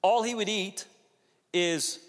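Animated male pastor in reverberant hall. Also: sits high, slow. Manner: animated storytelling, acts out quotes. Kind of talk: sermon.

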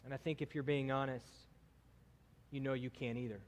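A man's voice: medium pitch, flat delivery, normal speed. A man preaching a sermon, emphatic and building intensity through his lists. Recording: long hall reverb.

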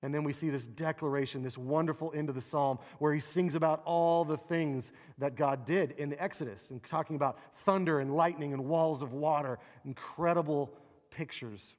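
A man delivers a sermon with an expressive, animated manner, slipping into quoted cries of lament. His voice sits fairly high for a man. It rings out with long reverb from a large hall. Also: moderate pace. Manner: expressive, acts out quoted laments with rising pitch. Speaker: preacher.

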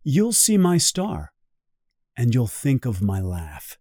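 A man reading the part of a gentle, sad little boy prince in a storybook, in a soft and wistful way. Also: medium pitch, wildly swooping pitch, slow pace, no room sound, studio quality, exaggerated voice.

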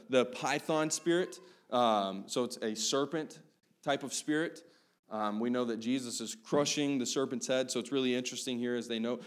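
A man preaching a sermon in a conversational style, often tossing in "right?" as he explains a Bible passage. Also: a little high. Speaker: pastor.

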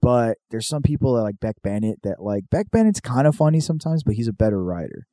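A man's voice: medium pitch, lively intonation, quick pace, dark tone, dry recording, clean studio sound. A man chatting casually and swearing freely, rambling as he retells comedy sketches. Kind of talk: casual chat.

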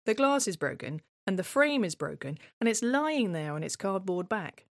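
A woman performing her own scripted dramatic monologue, sardonic and deadpan with frequent swearing. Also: mid-range voice, normal speed, dry recording, studio quality. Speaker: playwright performer.

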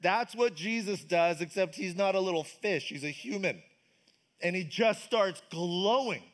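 A man's voice: high-pitched, measured pace. A man preaching a casual, enthusiastic sermon at a church service, asking the congregation questions. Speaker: pastor. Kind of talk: conversational sermon.

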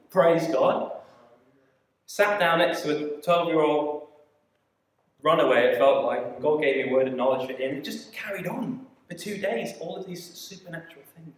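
A man preaching a sermon, telling a story in an animated way with quick asides and acted-out quoted voices. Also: on the high side. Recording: echoey hall, mic at a distance.

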